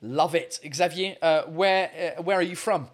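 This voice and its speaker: Upbeat high-voiced man hosting callers. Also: a little slow. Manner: upbeat, chatty, stumbles and repeats words. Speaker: host of a live video call show. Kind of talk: casual live-stream chat with callers. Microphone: computer mic on a video call.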